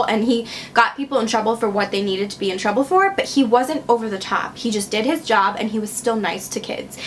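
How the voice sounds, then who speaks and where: A young Wisconsin vlogger shares a personal storytime in a chatty, sarcastic way, peppering her speech with "like." Her voice is mid-range and a bit bright, with slight background noise.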